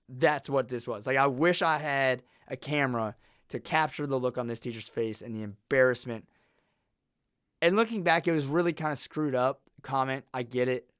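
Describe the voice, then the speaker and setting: A young man, casually telling personal stories to camera in a blunt, animated way. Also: medium pitch, moderate pace, clear, resonant tone, dry recording, studio quality. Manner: animated, blunt, laughs through his stories. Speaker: vlogger.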